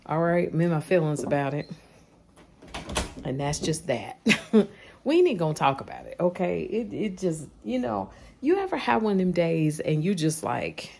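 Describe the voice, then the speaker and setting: Woman, vlogger, casual chat, folksy, deep voice, faint background hiss. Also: expressive, moderate pace, creaky, dark tone. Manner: chatty and folksy, calls viewers honey and child. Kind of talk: casual day-in-the-life vlog.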